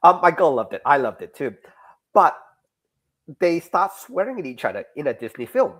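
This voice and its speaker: A man being interviewed about his comics, talking in a lively, casual way with frequent restarts. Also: fairly high pitch, normal speed. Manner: animated, restarts mid-sentence. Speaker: guest comics creator.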